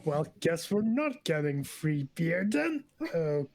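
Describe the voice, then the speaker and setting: A man's voice: on the high side, sing-song, takes it slowly, a little mellow. A man playing a tabletop game, speaking in a dry, offhand way. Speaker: player.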